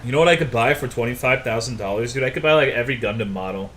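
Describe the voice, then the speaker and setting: Talking very fast, a young man with a medium-pitched, fairly bright voice streams a game over slight background noise. His casual chat with viewers is full of swearing and jokes, and he reads their messages aloud.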